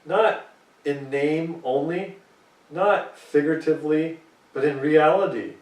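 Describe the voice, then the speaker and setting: A man's voice: a little high, slow, a little mellow, echoey room, recorded from a distance, low-quality recording. A man preaching a sermon, reading scripture aloud and pressing his points emphatically.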